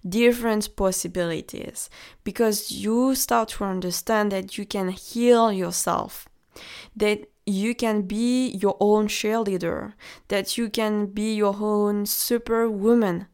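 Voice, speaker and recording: A woman's voice: mid-range voice, fairly even intonation, takes it slowly, a little mellow, clear, resonant tone. A woman with a French accent, hosting a motivational podcast as a relationship coach and speaking in an encouraging way straight to the listener. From France.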